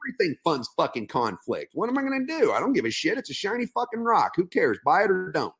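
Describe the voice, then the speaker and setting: A man's voice: sits high, huge pitch swings, fast, a bit bright, slightly rough. A man guesting on a casual podcast interview as a piercing artist, talking bluntly and combatively with plenty of swearing. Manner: blunt, combative and heavily profane.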